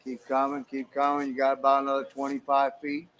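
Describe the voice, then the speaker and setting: A man's voice: medium pitch, monotone, brisk, fairly bright tone. A man on a work crew outdoors, calling out short instructions. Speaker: crane work crew member. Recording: distant outdoor voice with faint noise.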